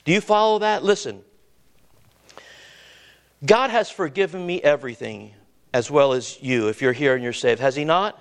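Heard in a clean tone, a male pastor gives a sermon in which he asks the congregation questions and waits for them to reply. He draws out key words and becomes low and quiet whenever he emphasizes something.

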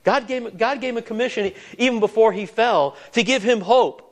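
A man with a high voice preaches a sermon in an earnest, conversational way. He often repeats and restarts his words and throws questions out to the congregation. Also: moderate pace.

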